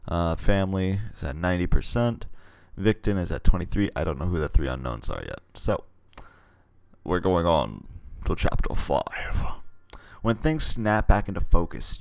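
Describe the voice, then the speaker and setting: A man with a very deep, gravelly voice reads a text adventure aloud and muses over his stats between passages. He rambles and hesitates in his asides. The desk mic sounds dry and close. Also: very animated, moderate pace, darkish tone, no echo. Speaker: gamer reading a text game aloud. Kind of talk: casual let's play commentary and reading.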